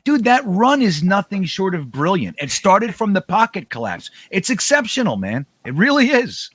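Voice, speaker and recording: High animated guy talking football, dry close sound, hyped up. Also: normal speed, no room sound. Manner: enthusiastic. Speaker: co-host. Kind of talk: casual sports chat.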